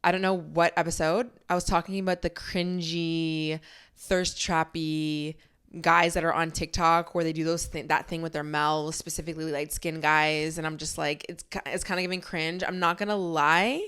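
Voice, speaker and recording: A woman's voice: low-pitched, level tone, moderate pace, a bit bright, clean tone. A young woman hosting a podcast, chatting casually and candidly at home into a microphone, with plenty of "like" fillers. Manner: chatty and candid, heavy use of "like". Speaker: podcast host. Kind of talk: casual chat. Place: home, filming for video. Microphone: studio microphone.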